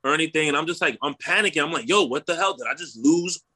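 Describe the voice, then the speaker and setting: A young man telling a story in casual chat, animated and slangy, swearing and tagging lines with "bro" and "right?". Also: a little high, fast, breathy edge.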